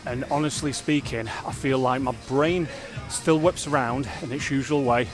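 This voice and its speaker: A man of medium pitch chats to camera about his training, energetic and a little rambling, often circling back on his own words. He sounds self-reflective and open, like a vlogger, with faint music playing behind him. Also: normal speed. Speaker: fitness vlogger. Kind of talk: casual vlog talk to camera.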